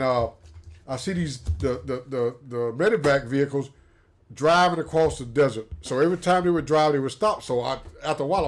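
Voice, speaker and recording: A man on a livestream telling a story about being injured as a paratrooper, acting out the dialogue. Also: mid-range voice. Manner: animated storyteller, acts out quotes, laughs. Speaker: livestream host, former paratrooper. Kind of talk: casual storytelling.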